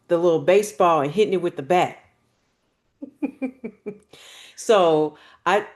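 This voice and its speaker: Playful woman telling a story. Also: on the low side. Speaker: podcast co-host. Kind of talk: casual family chat.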